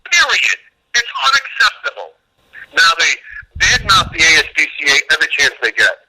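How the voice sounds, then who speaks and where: Bright, fast-talking emphatic man. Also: fairly high pitch, breathy edge, low-quality recording. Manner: emphatic, animated, acts out both sides of dialogues. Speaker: animal rescue worker, guest. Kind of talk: interview, storytelling.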